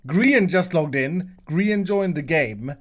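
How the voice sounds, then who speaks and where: A man's voice: on the high side, expressive, takes it slowly. A Swedish-accented man hosting a casual Minecraft commentary, playful and jokey, often restarting his sentences. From Sweden. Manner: playful, jokey, frequent self-corrections and restarts. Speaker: host, Minecraft player.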